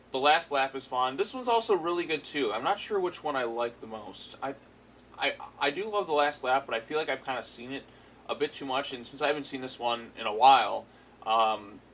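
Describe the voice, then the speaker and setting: Bright-voiced man rambling casually. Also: medium pitch, slight background noise, low-quality recording. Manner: rambling, filler-heavy, amused. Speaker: episode reviewer. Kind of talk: casual spoken review.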